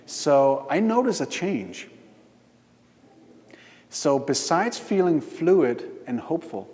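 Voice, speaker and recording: A man leading a live hypnosis demonstration at a conference, giving slow, coaxing instructions with repeated lists. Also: on the high side, very animated, a little mellow. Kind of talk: guiding a live hypnosis demo. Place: conference hall. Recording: reverberant conference hall.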